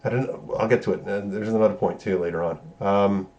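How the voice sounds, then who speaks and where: A man with a fairly low voice talks through a movie's plot in a casual, profane ramble, stumbling over words and fixing them as he goes. The recording is dull and muffled, with little crispness. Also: steady tone, fast, darkish tone. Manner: loose, profane, rambling retelling with self-corrections. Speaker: movie reviewer. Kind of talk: casual spoiler review recap.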